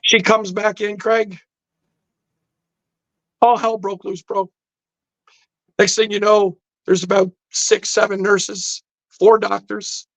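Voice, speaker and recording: This podcast guest speaks slowly in a high voice with flat delivery, pausing often as he tells an intense personal story and acts out the dialogue. The casual studio chat is captured on a rough recording with no room sound.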